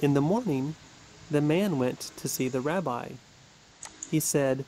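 A man narrating a storybook slowly and clearly for English learners. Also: fairly high pitch, mellow, slight background noise, low-quality recording. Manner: slow, clear, careful.

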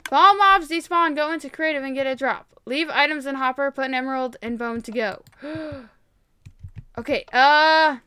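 High, bright, excitable young woman gamer. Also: moderate pace, dry recording. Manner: excitable, gasps and shrieks often. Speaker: gaming YouTuber. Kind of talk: Minecraft let's-play commentary.

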